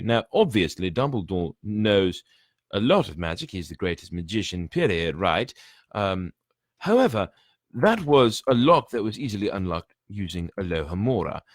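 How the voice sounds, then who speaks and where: Man, storybook reader, low voice, lively expressive delivery. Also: dry recording, studio quality. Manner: animated, chatty asides. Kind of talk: reading a novel aloud.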